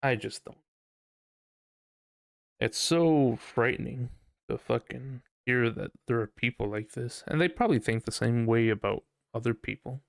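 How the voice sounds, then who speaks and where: Male podcast host, gravelly voice, dry close sound, loose, profane, rambling solo chat. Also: mid-range voice, unhurried, no room sound. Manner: rambling, profane, unsure musing. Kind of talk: casual solo podcast monologue.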